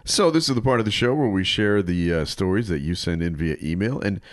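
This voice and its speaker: A man's voice: low-pitched, animated, fairly quick, dry recording, clean studio sound. A man co-hosting a casual comedy podcast, joking and laughing often as he chats. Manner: jokey, laughs often, restarts. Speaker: podcast co-host. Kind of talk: casual chat.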